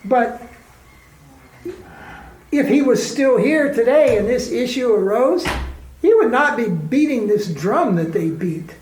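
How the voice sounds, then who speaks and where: A man's voice: very high voice, expressive, slow, long pauses, a little mellow. A man being interviewed as a spiritual teacher, telling stories in a candid, colloquial way and firing off emphatic rhetorical questions. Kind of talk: candid conversational storytelling. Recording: roomy echo.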